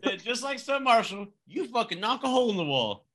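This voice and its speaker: A man's voice: very high-pitched, very animated, fairly quick, crowd noise. A man co-hosting a casual podcast, chiming in with profane jokes. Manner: joking, profane interjections. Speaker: podcast co-host.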